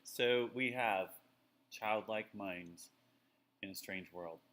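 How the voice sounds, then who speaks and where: Low-voiced rambling man in casual chat. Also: slow, a bit bright. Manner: rambling, self-deprecating, with many fillers. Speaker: podcast co-host.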